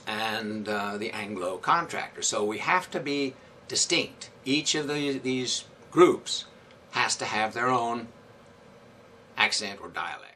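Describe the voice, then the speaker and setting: A man's voice: medium pitch, pushed and bright, recorded from a distance, a little hiss or hum. A man directing community theatre, answering interview questions thoughtfully with many fillers and restarts.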